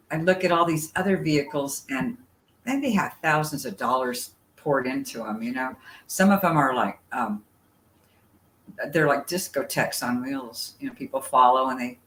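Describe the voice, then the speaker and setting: A woman guest telling stories in a chatty, animated way, full of fillers, talking over a video call from outdoors by her camper. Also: rumbling low, moderate pace, a little hiss or hum. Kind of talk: casual storytelling chat. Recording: roomy sound with faint ambience.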